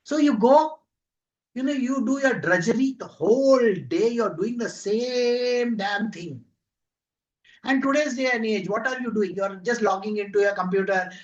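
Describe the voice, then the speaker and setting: A man's voice: high-pitched, a little slow. Male spiritual teacher, conversational devotional talk, lo-fi recording. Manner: conversational, full of rhetorical questions and acted-out quotes.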